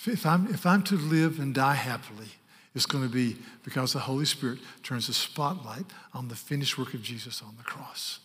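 A man preaching a sermon as a pastor, earnest and emphatic, slowing down to stress key words. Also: mid-range voice, fairly bright tone. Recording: long hall reverb.

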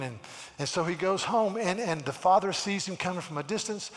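A man preaching a sermon in a church, animated, often repeating words and acting out the people in his stories. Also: sits high, a little fast, long reverb tail. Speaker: pastor.

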